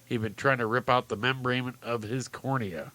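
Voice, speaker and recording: A man's voice: medium pitch, fairly even intonation, normal speed, bright, forceful tone. A man hosting a casual talk-radio show, reading odd stories aloud, chuckling often and rambling loosely.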